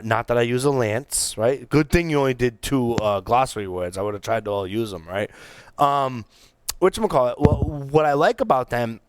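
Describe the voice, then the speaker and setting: Casting note: male cigar-show co-host, smooth voice, dry close mic, rambling and excitable. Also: mid-range voice, dry recording. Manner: animated, rambling, lots of restarts. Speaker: podcast co-host reviewing cigars. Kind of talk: casual chat.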